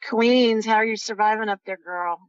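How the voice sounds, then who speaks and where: A woman's voice: fairly high pitch, moderate pace, dry recording. A woman hosting a live call-in radio show, talking callers through her visions in a chatty, reassuring way. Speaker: radio show host, intuitive healer. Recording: dry, muffled radio audio.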